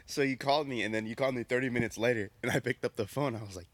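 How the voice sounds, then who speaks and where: A man's voice: mid-range voice, racing, no room sound. A young man casually telling a story among friends, acting out the lines of people in it. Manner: animated, acts out quoted dialogue. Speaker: podcast co-host.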